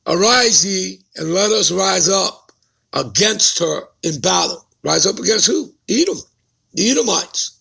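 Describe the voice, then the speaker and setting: Gravelly, high-pitched man preaching slowly. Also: expressive, sharp tone. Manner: asks the listeners rhetorical questions and keeps checking with "all right?". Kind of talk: Bible-study sermon.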